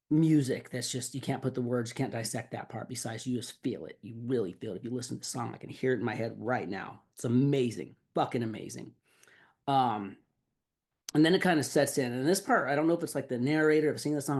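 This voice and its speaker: A man's voice: mid-range voice, darkish tone. A man hosting a podcast, talking casually and rambling, with lots of filler words and swearing. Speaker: podcast host. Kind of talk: casual song breakdown.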